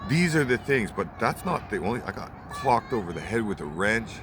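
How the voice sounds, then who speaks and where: A young man in his twenties vents in a heated, profane rant that circles back on itself. His voice sits a little low, and he is recorded outdoors with clear traffic noise rolling past behind him. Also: very animated, fairly quick. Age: 20s. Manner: heated, repetitive, swears often. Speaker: vlogger.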